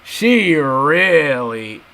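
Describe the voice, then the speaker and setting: This YouTube commentator speaks very slowly in a somewhat high voice with big pitch swings, with music playing behind him on a low-quality recording. In casual style, he calls his viewers "guys" and keeps repeating his points with emphasis.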